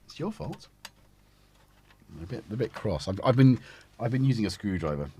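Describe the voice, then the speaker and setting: Rambling northern English man, husky voice. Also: fairly low pitch, animated, fairly quick, warm tone. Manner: rambling, chatty and self-deprecating. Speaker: host. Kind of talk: casual live-stream chat.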